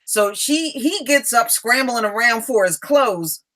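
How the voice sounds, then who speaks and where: A woman's voice: on the high side, lively intonation, unhurried, a bit bright. A woman hosting a casual chat, chatty and encouraging, often agreeing as she listens. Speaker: host.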